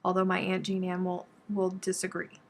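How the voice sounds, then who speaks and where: Gravelly chatty woman. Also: fairly low pitch, monotone, normal speed, a little hiss or hum. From Texas. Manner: chatty, reads out and answers viewer comments. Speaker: crochet live stream host. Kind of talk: casual live-stream chat while crafting.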